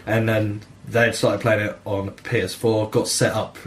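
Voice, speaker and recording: A man hosting a gaming podcast, telling game stories in a sweary, animated way and acting out the dialogue. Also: on the low side, unhurried. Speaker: podcast host. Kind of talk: casual gaming chat.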